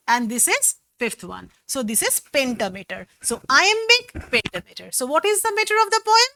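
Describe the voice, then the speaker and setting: A woman teacher with a Bengali accent talks slowly and patiently, spelling words out syllable by syllable. Her voice is high and bright, rising and falling a great deal. The recording is dry and close. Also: very animated, no echo. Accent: Bengali-accented English. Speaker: English teacher. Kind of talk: classroom lesson explaining poetry.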